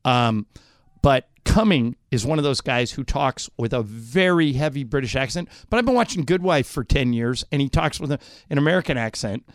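A middle-aged man hosts a talk radio show, spinning stories with animated asides. His voice sits in a dry, close studio sound with no room echo. He talks at an everyday middle pitch. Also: moderate pace. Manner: chatty storyteller, animated asides. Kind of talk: casual talk radio banter.

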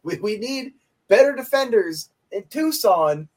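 A man's voice: high voice, expressive, measured pace, darkish tone. Playful, laughing young man. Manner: playful, laughs often, jokey. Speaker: podcast co-host. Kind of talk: casual chat.

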